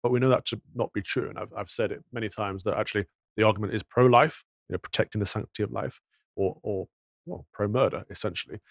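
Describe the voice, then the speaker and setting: A man's voice: on the low side, fast talker, gravelly, no room sound. A man giving indignant, moralizing commentary on news clips, full of rhetorical questions. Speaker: podcast commentator.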